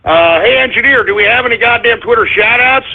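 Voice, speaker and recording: A male radio host rambles through anecdotes and shout-outs with a profane, restless delivery. His voice sits high and husky, squeezed through thin phone-like audio. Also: a little fast. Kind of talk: rambling anecdote and show segments.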